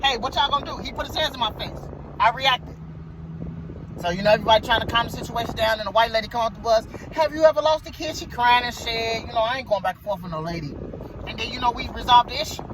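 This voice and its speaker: A man's voice: very high voice, quick pace, noisy background. A man who drives a motor coach bus tells a story in a casual vlog, heated and profane, and he repeats himself.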